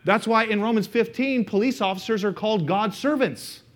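A man's voice: high voice, normal speed, fairly bright tone. A middle-aged man preaching a sermon in a church, speaking casually with personal stories and talking straight to the congregation. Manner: conversational, anecdotal, speaks directly to the congregation. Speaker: pastor. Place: church sanctuary.

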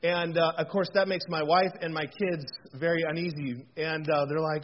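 Male pastor, forties, animated storytelling sermon; higher voice, muffled recording. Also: brisk, few pauses. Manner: animated, jokey storytelling with audience call-outs. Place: church hall. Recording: dull lo-fi recording, faint noise.

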